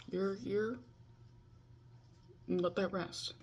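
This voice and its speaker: In a confessional vlog on a video call, a woman in her twenties talks casually and self-mockingly, chiding herself as she rambles on. Her voice is on the low side at normal speed, with slight background noise.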